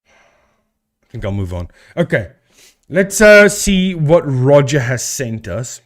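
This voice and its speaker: Chatty animated man streaming live. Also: medium pitch, slow pace. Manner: chatty, talks to chat and thinks aloud. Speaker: live-stream host debunking ghost videos. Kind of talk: casual live-stream commentary.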